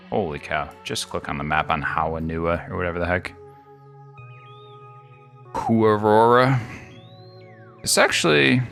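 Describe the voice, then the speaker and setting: A man hosting a game video, chatting casually and thinking out loud in a rambling, jokey way. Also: low voice, vocal fry. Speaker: gaming video host.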